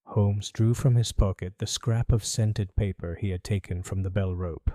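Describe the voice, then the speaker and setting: Low, mellow male audiobook narrator. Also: unhurried, few pauses, dry recording, clean studio sound. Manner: atmospheric, even storytelling. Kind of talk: scripted narration.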